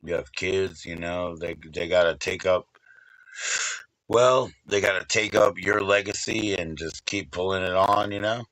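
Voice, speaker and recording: A man's voice: sits low, unhurried, fairly bright tone, no room sound, poor audio. A man hosting a livestream, chatting casually with a guest in a rambling, profane way and laughing often. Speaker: livestream host.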